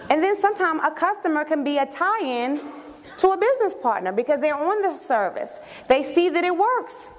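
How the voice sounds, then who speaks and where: High-voiced woman coaching a crowd. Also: normal speed. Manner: energetic, coaching, asks the audience questions. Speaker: network marketing trainer. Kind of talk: live training talk to an audience. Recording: echoey hall with long reverb.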